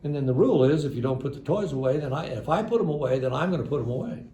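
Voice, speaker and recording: A man's voice: on the high side, animated, very fast, mellow. An older man giving a conversational church parenting seminar with dry, ironic humor, recorded in a church hall. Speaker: seminar speaker, psychologist. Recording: echoey hall with faint room noise.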